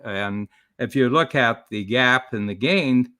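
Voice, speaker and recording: A man's voice: mid-range voice, takes it slowly, pushed and bright. A man talking as a business coach and author in a live-streamed interview, explaining his ideas in a rambling way with many restarts.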